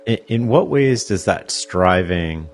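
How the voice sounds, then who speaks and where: A man's voice: low-pitched, expressive, slow pace, soft background music. A man hosting a podcast interview, asking thoughtful, probing questions. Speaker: podcast host.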